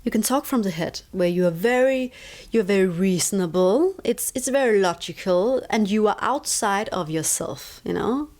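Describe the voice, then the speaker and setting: A woman's voice: medium pitch, expressive, normal speed, a little mellow. A woman with a Danish accent and Danish as her first language, a guest explaining her ideas on stress in an interview, stressing points by repeating words. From Denmark. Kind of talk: reflective conversational explaining.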